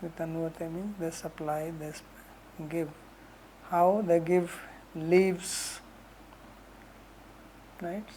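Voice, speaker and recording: A woman who teaches scripture verses, explaining them slowly with homely examples and frequent "right?" asides. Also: fairly low pitch, fairly even intonation, warm tone, slight background noise, low-quality recording. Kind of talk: lecture on Sanskrit verses.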